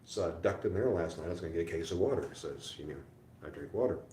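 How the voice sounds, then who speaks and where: A man's voice: deep voice, expressive, fast, mellow, roomy sound, a little hiss or hum. A tired, sore middle-aged man chatting casually on a livestream from a hotel room, rambling and self-deprecating with lots of fillers. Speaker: livestream host. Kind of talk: casual rambling live chat.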